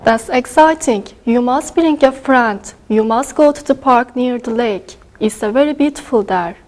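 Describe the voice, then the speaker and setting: Woman student, high voice, plain simple phrasing. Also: normal speed, a little mellow. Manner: simple, helpful answers. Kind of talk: classroom practice dialogue.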